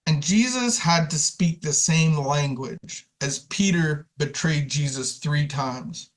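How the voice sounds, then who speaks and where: A man with a somewhat high voice shares an informal spiritual talk with a recovery community. He speaks conversationally, often repeating words and restarting his sentences. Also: unhurried, hardly any pauses, a bit bright.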